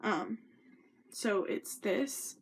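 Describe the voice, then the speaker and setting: A woman's voice: mid-range voice, drawn-out words, gravelly, slightly rough. A young woman telling a personal story in a sit-down vlog, earnest and rambling, with many ums and restarts. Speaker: vlogger.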